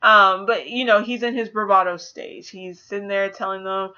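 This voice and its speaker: A woman giving a casual spoiler movie review, chatty and animated, acting out quotes with laughs. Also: mid-range voice, moderate pace, few pauses, smooth. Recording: slightly dull lo-fi audio.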